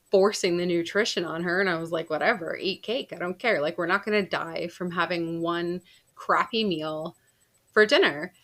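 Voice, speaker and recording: Chatty mom telling a story, lower-pitched. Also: female voice, a bit bright. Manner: chatty, laughs often, lots of fillers. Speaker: podcast host. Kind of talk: casual personal storytelling.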